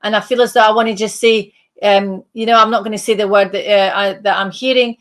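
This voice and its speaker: Halting woman giving a live psychic reading. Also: medium pitch, fairly even intonation, a bit bright. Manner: halting, repeats and restarts phrases while searching; addresses sitters directly by name. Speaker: psychic medium. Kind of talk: live streamed mediumship reading.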